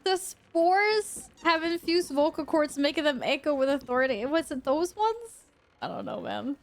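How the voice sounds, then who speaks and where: A woman's voice: high voice, big pitch swings, normal speed. A young woman streamer giving casual gameplay commentary, chatty and easily amused, talking back to the game.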